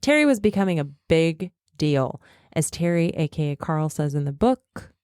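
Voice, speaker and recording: Lower-voiced woman podcast storyteller. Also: normal speed, clean tone, dry recording, studio quality. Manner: animated, jokey storyteller. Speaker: podcast host. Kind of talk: casual storytelling chat.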